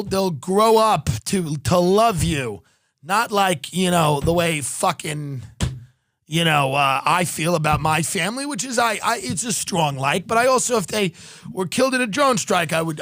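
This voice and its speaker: A male podcast host tears through a comedic ad read with a sarcastic, rambling, profane edge. His voice sits high for a man and sounds close and dry. He drifts from one tangent to the next. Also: a bit bright, dry recording.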